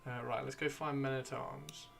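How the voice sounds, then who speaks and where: A man's voice: medium pitch, level tone, moderate pace, creaky, fairly bright tone, soft background music. A man hosting a livestream, chatting casually and rambling to himself as he browses, with the odd swear. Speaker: livestream host. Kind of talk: casual chat while gaming.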